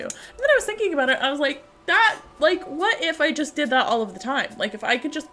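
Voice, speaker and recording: A woman's voice: high voice, big pitch swings, fast talker, few pauses, bright, forceful tone, faint music behind. A young woman streaming, chatting casually and giggly with her viewers. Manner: giggly, chatty, bursts into shrieking laughter.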